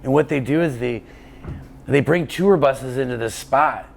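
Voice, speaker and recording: This is a man in a casual interview, recounting a long ride in a loose, anecdotal way. He drifts through the story, stopping for fillers and restarting his sentences as he goes. His voice sits at an ordinary pitch for a man. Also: a little slow, gravelly, a little hiss or hum. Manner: rambling anecdotal telling with many fillers and restarts. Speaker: guest, endurance cyclist.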